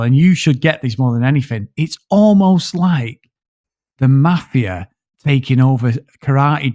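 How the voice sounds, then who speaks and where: A man's voice: on the high side, dry recording, studio quality. A man co-hosting a casual film review podcast, rambling and swearing as he tells his stories. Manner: rambling, sweary, animated storytelling. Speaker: podcast co-host.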